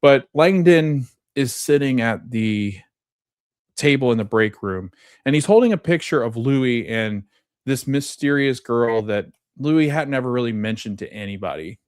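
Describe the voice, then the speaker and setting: Still waking up with his coffee just starting to work, a man hosts an early-morning podcast recapping a TV episode. The talk is loose and meandering, packed with fillers, restarts and corrections of himself. His medium-pitched voice is clear and resonant, with lively intonation and an unhurried pace, in a dry, clean studio recording.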